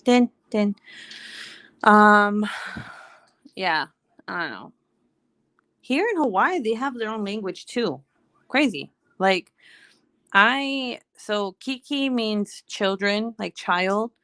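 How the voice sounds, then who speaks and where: A woman's voice: mid-range voice, expressive, slow pace, long pauses, a bit bright, no echo. A woman in her thirties, a mom at home in Hawaii, chatting casually, laughing often and humming little tunes. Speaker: vlogger. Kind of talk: casual chat while working.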